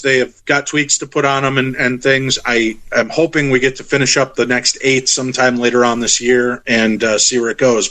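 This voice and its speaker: A middle-aged man telling stories as a podcast guest, animated and acting out the voices of the people in them. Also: medium pitch, rough recording. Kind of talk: casual storytelling.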